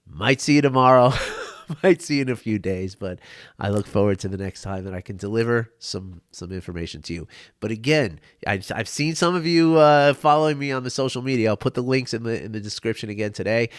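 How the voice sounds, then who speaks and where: A man's voice: mid-range voice, lively intonation, fairly quick, dry recording, studio quality. A middle-aged man and life coach, talking through tears in a personal video to his viewers, open and emotional. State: tearful.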